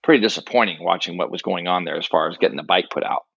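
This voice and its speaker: A man's voice: low voice, very fast, creaky, breathy edge. A man co-hosting a racing podcast from a hotel room over a remote call, chatty and ribbing, with loose fillers. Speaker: podcast co-host. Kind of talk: casual chat about motorcycle racing. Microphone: remote call with a dropping connection. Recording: dull lo-fi call audio.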